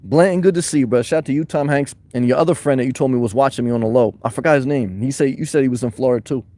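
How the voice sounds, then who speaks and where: A man's voice: medium pitch, racing. Boisterous man chatting on a livestream. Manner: loud, boisterous, shifting between fired-up and calm. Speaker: livestream host reading chat. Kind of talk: casual livestream chat. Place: his van.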